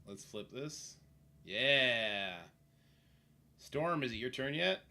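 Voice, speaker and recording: A man's voice: medium pitch, expressive, slow, pushed and bright. A man streaming a game live, chatting casually and swearing as he reacts to the game and to his chat. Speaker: livestreamer. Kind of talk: casual gameplay commentary.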